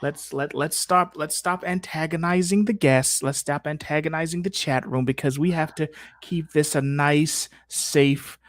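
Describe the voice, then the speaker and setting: A man's voice: fairly high pitch, a little slow, hardly any pauses, no room sound, clean studio sound. Laid-back man hosting a live Q&A. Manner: laid-back, joking, reads out chat. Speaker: host. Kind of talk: live stream Q&A chat.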